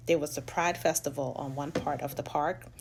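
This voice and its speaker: A woman's voice: deep voice, fairly even intonation, moderate pace, gravelly, noisy background. A woman from New York with a New York accent, telling her life story in a candid, profane, casual way and mimicking the people she quotes.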